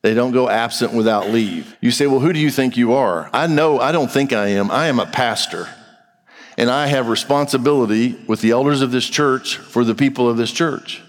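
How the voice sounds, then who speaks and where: A middle-aged male pastor delivers a sermon in a direct, conversational way, posing questions and answering them himself. His mid-pitched voice carries a long reverb from the large church sanctuary he preaches in. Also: moderate pace.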